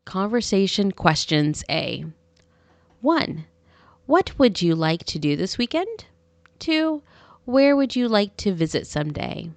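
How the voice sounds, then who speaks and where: Slow, gravelly woman reading English drills. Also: medium pitch, very animated, no echo. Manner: reads numbered examples in clear, careful drill cadence. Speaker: English teacher. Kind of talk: slow, deliberate language lesson reading.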